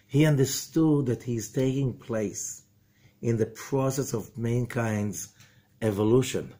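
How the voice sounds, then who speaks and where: A man's voice: medium pitch, slow pace. A man giving a spoken Torah lesson, full of rhetorical questions and acted-out exchanges. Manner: animated, rhetorical questions, mock dialogue. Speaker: rabbi teaching Zohar.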